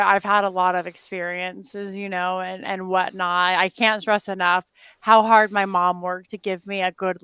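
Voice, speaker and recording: A woman's voice: mid-range voice, bright, forceful tone, clean tone, dry recording. A woman co-hosting a reaction video, telling rambling stories in casual chat and correcting herself as she goes. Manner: rambling, self-correcting storyteller. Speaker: co-host.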